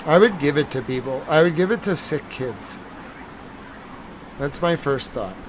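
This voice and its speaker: A man's voice: on the high side, lively intonation, a little slow, slight background noise, poor audio. A tired man hosting a live stream, chatting casually and rambling to his viewers.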